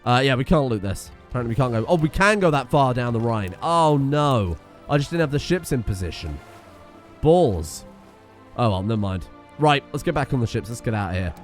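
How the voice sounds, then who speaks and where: A man's voice: medium pitch, animated, fairly quick, faint music behind. A man casually commenting on his strategy game as he plays, chatty, swearing freely and often getting sidetracked. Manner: chatty, profane, easily sidetracked. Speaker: gaming streamer.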